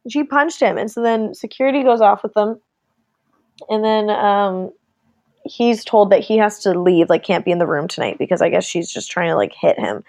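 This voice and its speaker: A woman's voice: medium pitch, normal speed, dry recording. A young woman casually telling a story to a friend, laughing often and acting out what people said. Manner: animated, laughing often, quoting people in voices.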